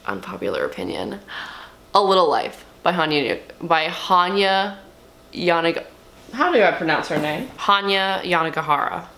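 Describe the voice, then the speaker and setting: A young woman talking casually and candidly as a book vlogger, swearing freely and swinging her pitch up and down. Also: big pitch swings, normal speed, bright, forceful tone. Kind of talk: casual chat.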